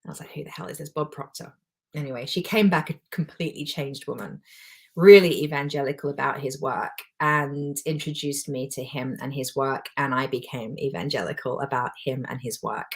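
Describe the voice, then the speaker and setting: Woman in her forties, life coach, low voice, heartfelt and personal, live motivational talk. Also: normal speed. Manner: heartfelt, emotional, warmly personal.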